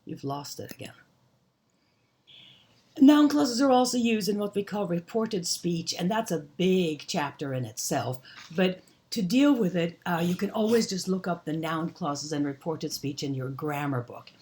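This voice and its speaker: A woman teaching an English grammar lesson, explaining examples slowly and deliberately. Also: lowish voice, expressive, a little mellow. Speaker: ESL teacher.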